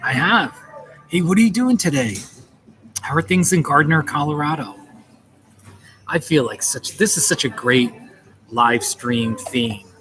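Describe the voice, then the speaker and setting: A man's voice: a little high, animated, unhurried, pauses often, a bit bright, soft background music, low-quality recording. A man chatting casually on a live stream from a coffee shop, greeting viewers by name in a playful, chuckling way.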